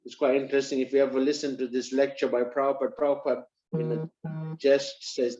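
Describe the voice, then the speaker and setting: A man preaching who tells a story in a lively way and acts out its characters. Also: mid-range voice, brisk, soft background music. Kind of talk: storytelling in a sermon. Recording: roomy, slightly dull recording.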